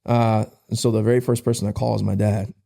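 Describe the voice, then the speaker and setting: Deep gravelly young man telling a story. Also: little pitch movement, mellow. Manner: casual, uses slang like "bro"; emotional, halting retelling. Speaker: podcast guest. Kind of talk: personal storytelling.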